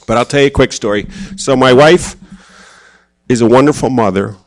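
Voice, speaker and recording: A man speaking at a church gathering in a relaxed, conversational sermon style, telling personal stories with self-deprecating humor. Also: mid-range voice, moderate pace. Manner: casual, self-deprecating, acts out quoted voices.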